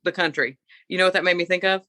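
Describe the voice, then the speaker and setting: A middle-aged woman co-hosting a podcast, telling a story in an animated, opinionated casual chat. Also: on the low side, quick pace, no room sound. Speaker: podcast co-host.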